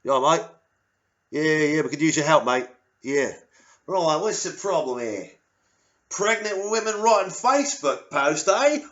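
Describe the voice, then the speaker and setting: A man's voice: on the high side, sing-song, a little slow, fairly bright tone, muffled recording, pitched above the performer's own voice. A man voicing a brash, matey police officer. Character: brash male Australian cop, loud and matey.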